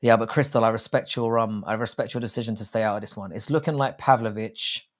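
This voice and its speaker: A man's voice: on the low side, quick pace. A man hosting a casual live stream, talking in a rambling, jokey and crude way with many restarts. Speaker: livestream host. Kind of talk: casual live-stream chat about fight betting.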